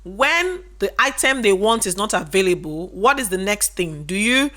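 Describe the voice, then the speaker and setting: Expressive and moderately paced, this mid-range female voice is bright with a forceful edge. The speaker, a business educator, casually teaches to camera using rhetorical questions, going back over key points for emphasis.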